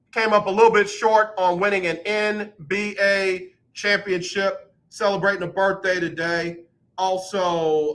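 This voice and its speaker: Man, radio host, casual exasperated chat, bright tone. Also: high voice. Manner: animated, exasperated storytelling with laughs. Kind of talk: casual radio talk and birthday shout-outs. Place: radio studio.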